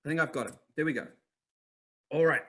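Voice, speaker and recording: A man with a New Zealand accent hosting a live online masterclass, upbeat and energetic, talking straight to viewers in chat. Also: a little high, brisk, slightly rough. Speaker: webinar host.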